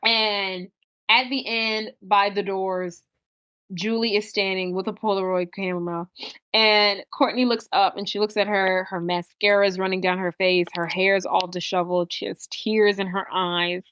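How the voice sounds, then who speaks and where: Smooth and mid-range, this woman's voice moves at a normal speed as she co-hosts a podcast. Chatting casually, she recaps a film with animated storytelling and performs the characters' lines herself.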